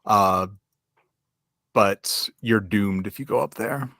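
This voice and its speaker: A man's voice: slow pace, creaky, bright, forceful tone, dry recording, studio quality, full character voice. A man doing a weary, bitter old giant knight. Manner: low sighing mutter, bitter.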